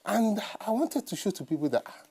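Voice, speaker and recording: Brief: Nigerian man, young adult, Nigerian accent, mellow voice, quick animated storytelling guest. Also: high-pitched, creaky, slightly rough. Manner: animated storyteller, acts out quotes, repeats "you understand". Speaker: musician guest. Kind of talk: casual interview chat.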